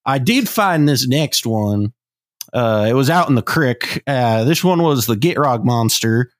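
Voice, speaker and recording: A man putting on a slow, folksy churchgoing rural character with a Midwest Southern drawl, deadpan. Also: mid-range voice, no echo, close to an everyday voice.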